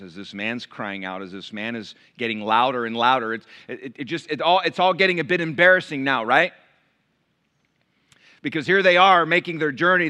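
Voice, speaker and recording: Pastor, male, bright slightly high voice, dynamic sermon delivery that moves from loud emphasis to quiet intimacy. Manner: dynamic preaching, swinging from loud emphatic lines to hushed intimate ones; acts out crowd voices in quick asides.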